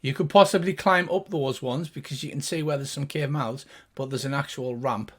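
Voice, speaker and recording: An older man narrating as game master, setting scenes in an unhurried, descriptive way. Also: medium pitch, fairly bright tone, husky.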